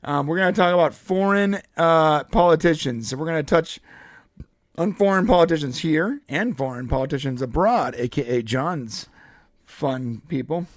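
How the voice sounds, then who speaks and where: A man's voice: fairly high pitch, normal speed, no echo, clean studio sound. A man hosting a casual political podcast, talking bluntly and profanely and slipping into put-on voices when he tells a story. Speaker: podcast host.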